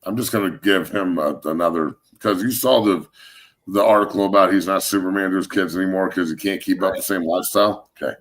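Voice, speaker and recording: A man in his thirties hosting a sports talk show, ranting in a heated, profane way with loud, emphatic swings. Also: low voice, fairly quick. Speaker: show host, former NFL lineman.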